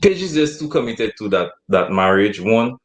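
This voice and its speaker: A man's voice: fairly low pitch, sing-song, moderate pace. A man co-hosting a casual recap chat, laying out his view in a laid-back way. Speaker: co-host.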